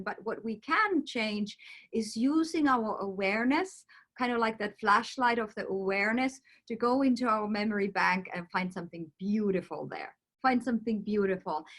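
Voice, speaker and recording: A woman's voice: fairly high pitch, fairly bright tone. A woman hosting an online panel who thanks the speakers and adds her own encouraging remarks. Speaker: panel host.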